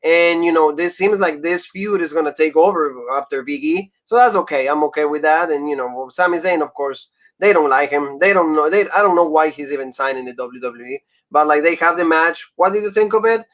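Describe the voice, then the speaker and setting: Man hosting wrestling chat, slightly high voice. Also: brisk, a bit bright. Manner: loose, lots of "like" and "you know", laughs between points. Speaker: wrestling show host. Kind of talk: casual chat.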